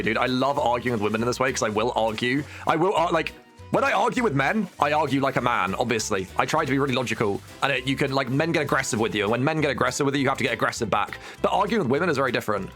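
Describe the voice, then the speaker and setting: A man's voice: medium pitch, fairly bright tone. Joking male streamer rambling over music. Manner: rambling, joking, swears and says "dude" often. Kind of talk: casual gameplay chat.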